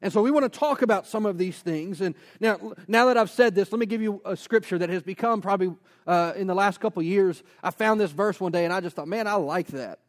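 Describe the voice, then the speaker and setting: A man preaching a sermon as a pastor, energetic, posing rhetorical questions and dropping in casual personal asides. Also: sits high, fairly quick.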